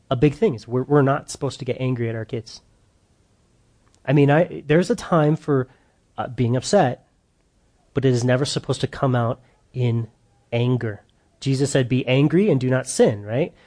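A middle-aged man leading a humorous church parenting session for a live audience, telling stories and acting out his own outbursts. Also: medium pitch. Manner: animated storyteller, acts out his own outbursts loudly. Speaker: parenting seminar speaker.

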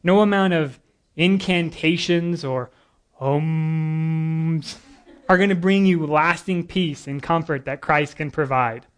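A man preaches a sermon, reading scripture and explaining it in earnest. His voice sits a little high for a man. He sounds a bit nervous but lively, and he breaks in with casual jokes between readings. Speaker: guest preacher.

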